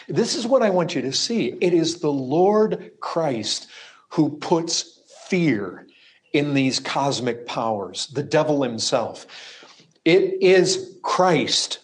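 Slow, emphatic male preacher. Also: fairly high pitch. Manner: emphatic, swings between loud cries and hushed asides. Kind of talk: sermon.

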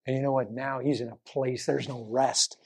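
A man preaching a sermon, full of rhetorical questions and swinging between raised, urgent lines and low, hushed ones. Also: steady tone, normal speed, creaky, a little hiss or hum.

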